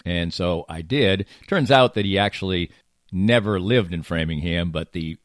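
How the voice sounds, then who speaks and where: A man's voice: low voice, no room sound, clean studio sound. An older man from the Boston area with a faint Boston accent, a broadcaster reminiscing in a rambling podcast monologue from his home office. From Boston area, USA. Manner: reminiscing, rambling with frequent uh and restarts, quiet at times. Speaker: podcast host and play-by-play broadcaster. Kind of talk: personal reflective podcast monologue.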